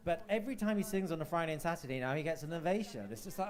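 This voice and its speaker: A man's voice: fairly high pitch, lively intonation, racing, few pauses. A man hosting a live cabaret showcase, chatting and teasing the crowd with camp banter. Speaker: host. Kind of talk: cabaret compering.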